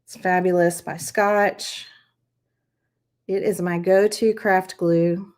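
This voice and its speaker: A woman's voice: fairly low pitch, steady tone, slow pace, darkish tone. A woman hosting a live craft stream, chatting as she demonstrates each step. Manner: chatty, encouraging, talks viewers through each step. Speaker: craft channel host.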